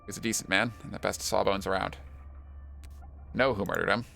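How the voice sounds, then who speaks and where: Casting: a man doing a gravelly, drawling cowboy gang boss for a game read-through, sly and folksy. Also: lowish voice, fairly even intonation, a little fast, sharp tone, slight background noise, full character voice. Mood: folksy, gruff. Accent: put-on American cowboy drawl. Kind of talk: reading game dialogue aloud in a voice.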